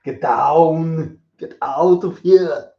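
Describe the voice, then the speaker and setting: A man doing an impression of a gruff male action-movie hero who barks short commands in a put-on accent, on a dull lo-fi live stream. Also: a little high, sing-song, very slow, echoey room, far from the mic, exaggerated voice. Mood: barking.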